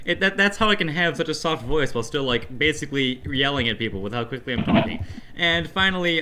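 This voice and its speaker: A young man trades jokes in an improv game with his friends, rambling and tripping over his words. His voice sits a bit high, and heavy crowd noise fills the background. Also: animated, fast. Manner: rambling, laughing, stammering restarts. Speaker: player in an improv party game. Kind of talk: joking improv pitch among friends.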